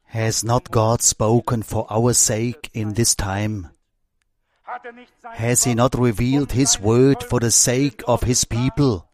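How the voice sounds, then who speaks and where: A man preaching a sermon, reading scripture aloud in a deliberate, measured way. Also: medium pitch, steady tone, a little mellow.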